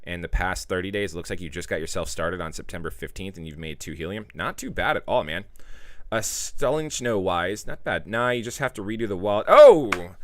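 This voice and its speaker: A man's voice: low-pitched, brisk, a bit bright. A man hosting a casual livestream, chatting loosely with viewers and reading out their messages. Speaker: livestream host.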